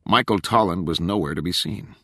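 A man narrating an audiobook in a measured, expressive way. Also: deep voice, husky, no room sound, clean studio sound.

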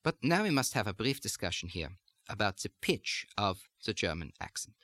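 A man's voice: fairly low pitch, sing-song, moderate pace, a bit bright, no room sound. A man coaching on an instructional tape, speaking in a put-on German accent as he explains it, with a precise, explanatory delivery. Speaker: dialect coach. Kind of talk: recorded accent lesson.

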